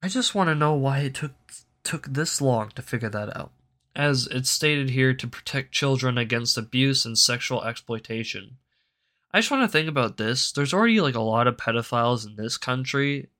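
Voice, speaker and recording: Bright-voiced young man ranting profanely. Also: medium pitch. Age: young adult, about 18. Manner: profane, rambling, goes off on tangents. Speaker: show host. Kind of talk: ranting solo news commentary.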